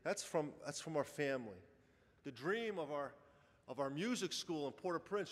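A man's voice: a little high, a little fast. A man who runs a charity, giving an earnest, conversational appeal to a congregation during Mass. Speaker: charity director speaking at Mass. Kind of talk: heartfelt appeal from the pulpit. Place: large church. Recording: echoey church hall.

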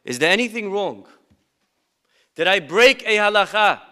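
A man's voice: high voice, sing-song, normal speed, bright, forceful tone. A male rabbi giving a humorous sermon with stories and rhetorical questions to his congregation. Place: synagogue event.

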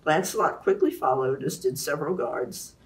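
A woman author introducing and reading aloud from her own novel in a clear, animated way. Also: low voice, moderate pace, far from the mic.

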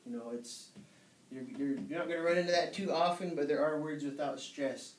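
A man's voice: a little high, moderate pace, slight background noise. Male teacher, casual explanatory delivery, recorded at a distance with room echo. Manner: relaxed, explanatory, with hesitations. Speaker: language teacher. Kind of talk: casual spoken lesson. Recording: echoey room, mic at a distance.

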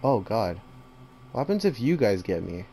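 A horror game player narrates their run, jumpy and full of slang. They chat to the monsters chasing them and break into panicked strings of repeated shouts. The voice sits in a middle range, with a faint hiss behind it. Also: medium pitch, big pitch swings, moderate pace. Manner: bursts into panicked repeated screams. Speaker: gamer playing a horror game. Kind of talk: horror gameplay commentary.

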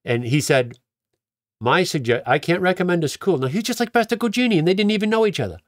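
A pastor recounts his testimony in a relaxed, conversational style, repeating words and voicing what people told him. His high-pitched voice is lively and fairly quick, recorded cleanly in a studio with no room sound.

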